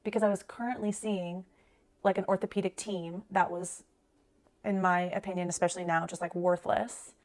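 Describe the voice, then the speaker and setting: A woman in her thirties telling a personal story in a rapid, conversational way, full of "like" fillers. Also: fairly low pitch, flat delivery, a little mellow.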